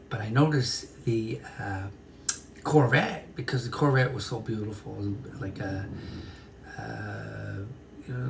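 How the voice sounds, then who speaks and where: A man's voice: fairly low pitch, vocal fry. A man, a flute player and actor, casually telling a story to the camera in a rambling way, with many fillers and restarts. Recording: distant mic with noisy ambience.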